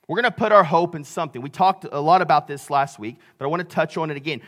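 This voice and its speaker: A male pastor preaching a sermon, telling the story with big swings between loud and hushed delivery. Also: fairly high pitch, quick pace.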